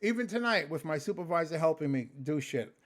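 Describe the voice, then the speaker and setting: A man talking casually in a late-night vlog, exhausted and sleepy, animated and rambling with plenty of swearing. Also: fairly high pitch, fairly quick. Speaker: vlogger, customer service phone agent.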